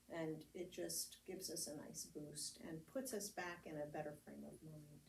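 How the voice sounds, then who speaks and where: A woman reverend with an American accent delivers a conversational homily full of stories, laughs and fillers. Her voice is on the low side with vocal fry, moving at a moderate pace with hardly any pauses. She's heard from afar in a roomy church meeting hall, with faint ambience and slight background noise.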